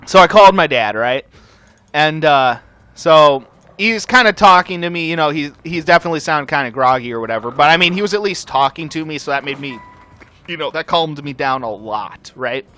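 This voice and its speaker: A young man chats casually over his gameplay, telling a long story with constant swearing and lots of filler. His voice sits a little high and sounds bright. It leaps up and down as he gets worked up. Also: a little fast. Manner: profane, rambling, animated storytelling. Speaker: gaming channel host.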